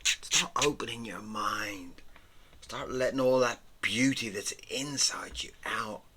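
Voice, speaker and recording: A man teaching drawing in a relaxed, playful way, encouraging the listener and often dropping to a whisper. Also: fairly low pitch, slow, husky. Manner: soft-spoken, often drops to a whisper. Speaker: art teacher.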